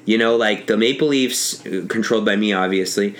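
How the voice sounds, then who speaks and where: A man with a lowish voice talks in a relaxed, drifting way, leaning on 'like' and 'man'. He sounds unhurried and easy among friends. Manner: laid-back, says man and like a lot. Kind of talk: casual hockey chat.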